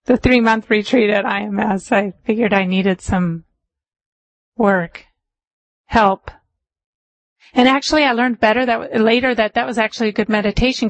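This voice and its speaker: A woman meditation teacher giving a dharma talk, telling stories in a chatty way with laughs and easing into a calm, measured pace. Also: fairly high pitch, vocal fry, no echo, low-quality recording.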